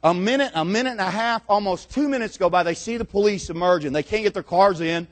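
A man preaching a sermon, moving from calm scripture reading to loud, dramatic storytelling with repeated phrases. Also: high voice, fast. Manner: builds from calm to shouting storytelling; dramatic, repetitive preaching cadence.

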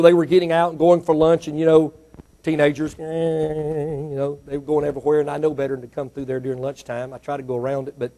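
A male preacher delivering a sermon, moving between quiet storytelling asides and loud, emphatic declarations. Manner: swings from low asides to loud ringing declarations.

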